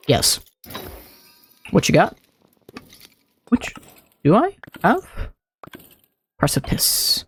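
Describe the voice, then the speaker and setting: A streamer talks through a game in a slow, unhurried way, thinking aloud and muttering to themself. The voice sits at a middling pitch, and the commentary is loose and casual. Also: a little mellow.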